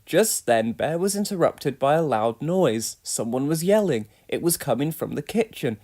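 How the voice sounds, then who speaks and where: A woman narrating a children's storybook aloud with expressive storytelling. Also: deep voice, moderate pace, hardly any pauses. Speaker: storybook reader.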